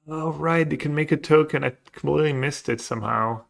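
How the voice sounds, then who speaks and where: A man's voice: a little high, a little fast, vocal fry. A man casually commenting on his own card game, muttering and thinking aloud as he plays. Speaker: streamer playing a card game.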